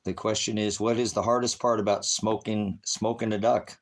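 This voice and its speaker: A man's voice: on the low side, flat delivery, normal speed, hardly any pauses. A man hosting a rambling livestream, cracking jokes, swearing freely and urging viewers to act. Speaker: livestream host. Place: high desert home.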